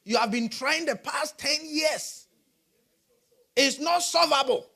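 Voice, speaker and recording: A male pastor preaching a sermon, animated and rising to shouts. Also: very high-pitched, slow, creaky.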